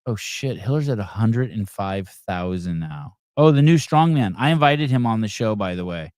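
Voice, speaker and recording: A man's voice: fairly low pitch, lively intonation, moderate pace, darkish tone, no room sound, studio quality. A man hosting a live podcast, reacting to videos in a blunt, profane rant. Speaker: podcast host.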